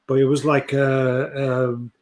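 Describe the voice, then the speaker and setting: A man's voice: mid-range voice, little pitch movement, slow, a little mellow. A man casually telling an anecdote, swearing freely and acting out the voices of the people in it. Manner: swears often, acts out quoted voices. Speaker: show co-host. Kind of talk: casual storytelling chat.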